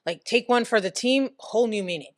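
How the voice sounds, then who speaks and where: A woman's voice: a little high, a little fast, no echo, clean studio sound. A woman giving casual commentary in a vlog, chatty, swearing now and then, and reading quotes aloud. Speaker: commentary vlogger.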